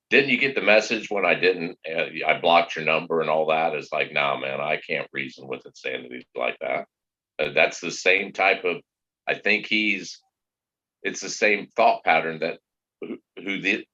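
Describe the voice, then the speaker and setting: A man's voice: very deep voice, expressive, normal speed, sharp tone, lo-fi sound. A man rambling and joking as a guest in a casual live-stream chat, teasing the host.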